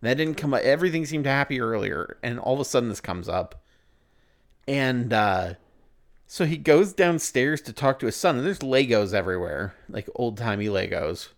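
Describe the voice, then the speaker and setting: A man's voice: mid-range voice, lively intonation, normal speed. A man co-hosting a podcast, casually recapping movie scenes with lots of filler words. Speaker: podcast co-host. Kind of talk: casual movie review chat.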